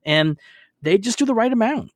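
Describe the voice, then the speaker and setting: Animated man in casual recap chat. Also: high-pitched, moderate pace, no room sound, studio quality. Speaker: podcast co-host.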